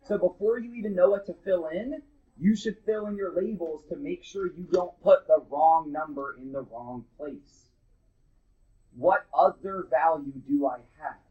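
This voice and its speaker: In a dull, lo-fi recording of a live classroom, a man teaches middle school math at a measured pace. His fairly high voice stays casual and blunt, and he cracks jokes for the students.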